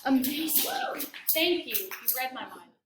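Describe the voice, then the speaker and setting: A woman's voice: high-pitched, expressive, unhurried, roomy sound, a crowd in the background. A woman choir teacher leading a classroom demonstration, upbeat and counting rhythms aloud in syllables. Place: school classroom.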